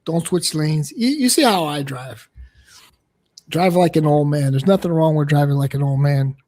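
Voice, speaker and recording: A man talks casually on a panel, laid-back and advising. His voice sits slightly high and sounds mellow. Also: moderate pace. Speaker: podcast panelist. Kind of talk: casual chat.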